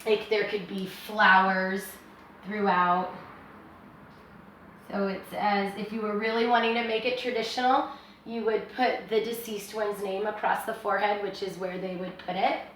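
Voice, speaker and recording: Woman, art teacher, relaxed and reassuring, thinking aloud, distant camera mic, very echoey room. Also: medium pitch, normal speed, slight background noise. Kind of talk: drawing lesson, step by step.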